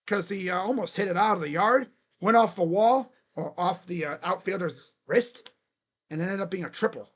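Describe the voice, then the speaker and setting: A man doing excitable live play-by-play as a fan, cheering, chanting and grumbling at his team. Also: sits high, normal speed. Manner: animated, cheering and chanting, swings to muttered grumbling. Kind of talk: excited live game commentary.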